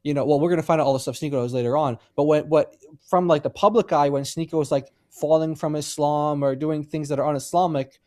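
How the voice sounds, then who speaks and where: A man's voice: a little high, steady tone, fast, mellow. A man co-hosting a livestream, arguing his points emphatically. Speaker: co-host. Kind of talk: livestream commentary.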